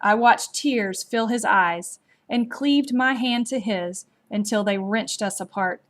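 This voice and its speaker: A woman narrating a story aloud in a slow, measured, gently expressive storybook reading. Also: on the high side.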